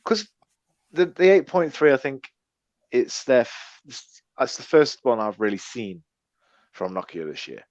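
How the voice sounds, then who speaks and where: Male podcast co-host, animated and swearing, mid voice with lively pitch. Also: unhurried, long pauses, dry recording, highs cut off. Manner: animated, laughs often, swears. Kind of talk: casual podcast chat.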